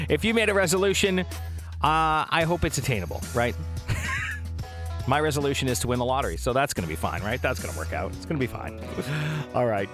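A man's voice: mid-range voice, wildly swooping pitch, fairly quick, long pauses, music in the background. A man co-hosting a morning radio show, chatting casually, laughing often and reading out listener texts.

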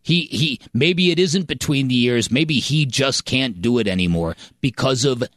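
A man's voice: mid-range voice, expressive, moderate pace, fairly bright tone, no room sound, clean studio sound. A man hosting a sports radio show, talking in a wry way and reading aloud with mock drama.

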